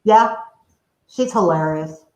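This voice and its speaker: A woman's voice: fairly low pitch, slow pace, darkish tone. A woman guest author on a casual video chat, speaking emphatically. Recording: roomy echo.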